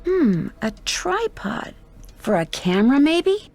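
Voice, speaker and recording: Nancy Drew, a curious young detective. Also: female voice, high voice, very animated, a little mellow, full character voice. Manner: inquisitive, measured. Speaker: video game protagonist.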